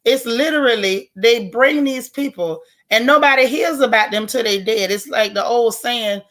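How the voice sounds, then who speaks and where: A woman's voice: on the high side, moderate pace, fairly bright tone. A woman hosting a live stream, chatting casually and outspokenly as she reads viewer comments. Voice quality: raspy. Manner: chatty, folksy and outspoken, with Southern colloquial phrasing.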